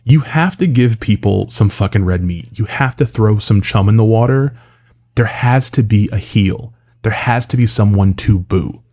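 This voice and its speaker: A man with a low, mellow voice rants in loose commentary, swearing freely and packing his talk with fillers. He sounds sarcastic and exasperated throughout, with a relaxed tone even when he is heated. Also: normal speed. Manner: profane, exasperated, sarcastic, lots of filler words. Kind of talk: casual ranting commentary.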